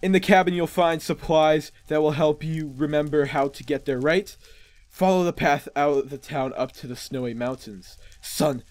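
A man reads as a weary parent urging his son on, earnest and plain, in a fairly high male voice. The sound is dry and close. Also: moderate pace, a little mellow, no echo, lightly acted. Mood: urgent. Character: weary grieving parent in a village.

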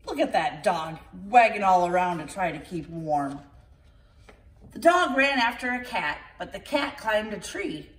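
A woman reading a picture book aloud to children as storyteller, gentle and expressive. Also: mid-range voice, unhurried. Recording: roomy, from far off.

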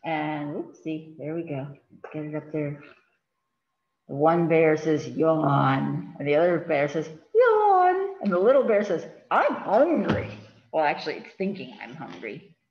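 A woman's voice: sits low, normal speed. A woman, a children's librarian, reading picture books aloud to kids and chatting as she handles the pages. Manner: chatty, sing-song, fussing with the book on camera. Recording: roomy, dull lo-fi with faint hiss.

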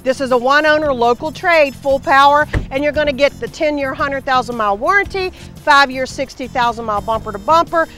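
A woman co-hosting a car dealership show, presenting cars in a peppy, enthusiastic sales pitch. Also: brisk, hardly any pauses, a bit bright, faint music behind.

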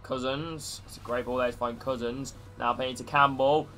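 Bright-voiced man commentating his game. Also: medium pitch, steady tone, moderate pace, few pauses, soft background music. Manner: commentating play-by-play, greeting chat viewers. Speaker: gaming streamer. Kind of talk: live-streamed video game commentary.

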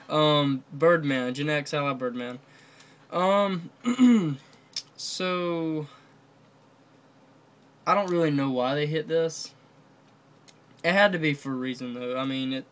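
A man's voice: mid-range voice, a bit bright, slight background noise. A man casually commenting on a card game ban list, rambling with many fillers and restarts. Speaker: card game video host.

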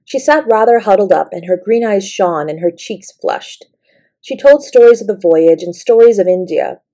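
A woman's voice: mid-range voice, animated, moderate pace, dark tone. Woman reading a bedtime story. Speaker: audiobook narrator.

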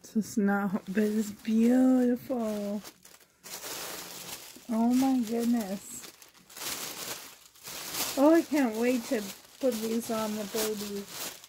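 Speaking very slowly with long pauses, a Canadian reborn doll vlogger unboxes gifts and gushes over each item in casual chat to the camera. Her fairly high, mellow voice keeps a steady tone but sounds sore and a little strained, with slight background noise.

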